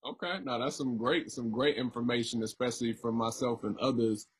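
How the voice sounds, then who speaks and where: A man's voice: medium pitch, fairly even intonation, brisk, slight background noise. A man interviewing a guest, asking long rambling questions with many fillers. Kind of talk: conversational interview.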